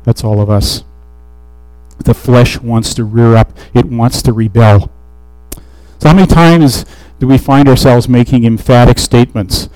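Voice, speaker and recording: A man delivering a sermon in a mellow, relaxed voice, reading scripture aloud and then unpacking it in an easygoing, conversational way. The sound is dry and close, with no room around it. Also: medium pitch, normal speed, no echo, poor audio. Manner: conversational Bible teaching with restarts and fillers. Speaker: preacher.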